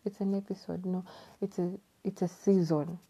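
A woman from Kenya hosting her own podcast at home late at night, chatting casually in a hushed, half-whispered voice, laughing often and repeating words. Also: on the low side, flat delivery, normal speed, slightly rough, low-quality recording. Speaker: podcast host. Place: home at night, people asleep.

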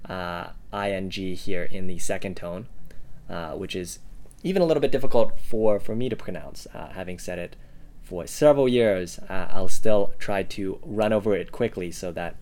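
A man with a lowish voice walks through example words in a casual teaching style. He speaks in a measured way and pauses often on "uh". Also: mellow. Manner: measured, halting with frequent "uh". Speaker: language podcast co-host.

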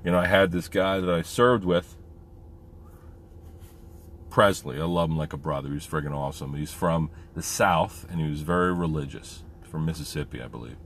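A man's voice: rumbling low, moderate pace, fairly bright tone, slight background noise. A man and military veteran talking candidly in a casual monologue, rambling with many fillers.

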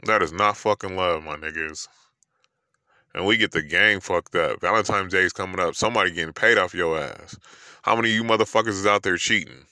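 A man's voice: low-pitched, a little fast, pushed and bright, dry recording, clean studio sound. A man with a New York accent ranting about love in a profane, emphatic monologue full of rhetorical questions.

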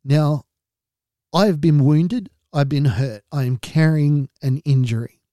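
A man's voice: fairly high pitch, measured pace, dark tone, no room sound, studio quality. An Australian man hosting a podcast, talking candidly and earnestly about his own experience, with a wry edge. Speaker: podcast host. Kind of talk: personal podcast monologue.

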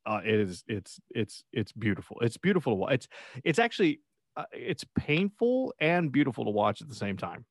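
A man co-hosting a casual podcast. He rambles with plenty of swearing and false starts. The sound is dry and close, at an ordinary pitch. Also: big pitch swings, moderate pace, dry recording. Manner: profane, rambling, lots of restarts. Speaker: podcast co-host. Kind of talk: casual chat.

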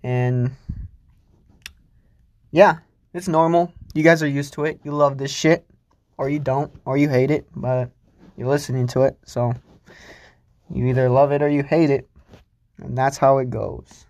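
A man's voice: medium pitch, steady tone, unhurried, pauses often, darkish tone, dry recording. A young man hosting a solo podcast, rambling casually and swearing freely, mocking himself as he goes. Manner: rambling, profane, self-mocking. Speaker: podcast host.

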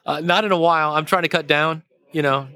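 A man guesting on a podcast, answering questions with deadpan humor. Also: on the high side, fairly quick, smooth. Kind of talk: casual chat.

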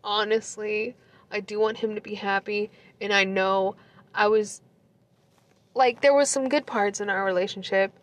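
A woman's voice: medium pitch, steady tone, measured pace. A young woman telling a breakup story in a casual, profane way, holding back tears and laughing through them. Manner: emotional, swears a lot, laughs through tears. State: close to tears.

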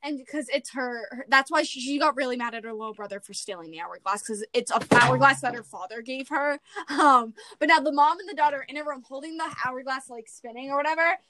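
A woman's voice: high-pitched, a little fast, few pauses, bright, forceful tone. A young adult woman hosting a podcast, recapping a movie in casual chat, rambling with many fillers. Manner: rambling, lots of fillers, acts out quotes. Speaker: podcast host.

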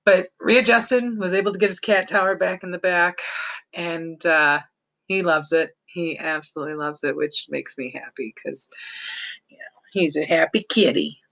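A woman's voice: on the low side, fairly even intonation, moderate pace, creaky, a bit bright, rough recording. A woman telling a personal story in a casual, rambling way, chuckling often between phrases.

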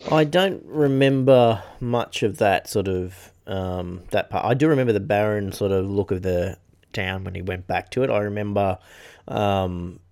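Podcast co-host guy, deep-ish voice, kinda halting with lots of ums. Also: a little mellow. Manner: halting, hesitant with fillers. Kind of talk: casual chat.

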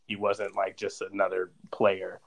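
A podcast co-host, a man in his thirties with a somewhat low, gravelly voice, rambles through a personal story in a casual way, full of fillers and "like." He's monotone and a little slow, and the audio is poor.

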